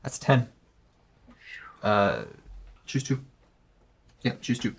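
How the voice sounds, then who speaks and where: Man, game master, mid-pitched, easygoing, affirming. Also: sing-song, extremely slow, gravelly. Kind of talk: running a tabletop game.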